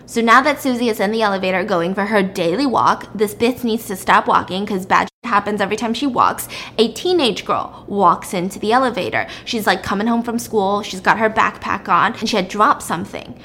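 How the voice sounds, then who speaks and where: A woman's voice: mid-range voice, fairly quick, hardly any pauses, sharp tone, a little hiss or hum. Chatty woman recapping a story. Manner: chatty, blunt, frequent "like".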